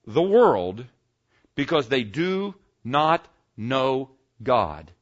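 A man's voice: medium pitch, sing-song, drawn-out words, lo-fi sound. A middle-aged man preaching a conversational sermon as a pastor, often checking in with his listeners. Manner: folksy, conversational preaching with frequent "okay?" check-ins.

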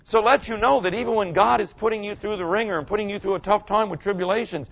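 Fast and gravelly, this older male preacher's high-pitched voice has a bit of brightness. He gives a folksy, conversational sermon, often pausing to ask "okay?" of his listeners, and the recording's highs are cut off.

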